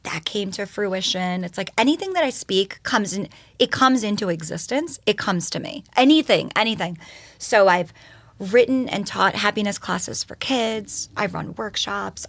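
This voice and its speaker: A woman talking as a podcast guest, telling her story in an animated, expressive way and swearing casually. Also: medium pitch, moderate pace. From United States.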